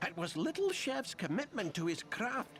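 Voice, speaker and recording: A man's voice: very high voice, sing-song, normal speed, music in the background, exaggerated voice. An actor playing a genial, folksy male restaurant backer in a video game cutscene, full of old sayings. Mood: cheerful. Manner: folksy, warm-hearted speech with old sayings.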